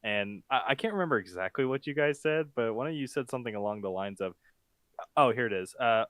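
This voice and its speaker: A young man guesting on a casual movie podcast, laid-back and quick to laugh. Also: medium pitch, animated, fairly bright tone, clear, resonant tone, no room sound, studio quality.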